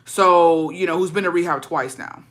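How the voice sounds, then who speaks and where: A woman's voice: fairly low pitch, normal speed. A young woman casually telling a story, full of swearing, acting out the people she quotes and dropping into Spanish now and then. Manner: profane, animated, acts out quoted dialogue; slips into Spanish phrases. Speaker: storytime vlogger.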